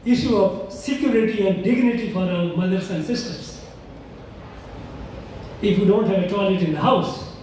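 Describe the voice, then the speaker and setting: A man's voice: sits high, a little mellow. A man giving a formal public speech to an audience, emphatic and lecturing, repeating key phrases for weight. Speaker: public speaker addressing an audience. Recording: echoey hall, distant mic, faint noise.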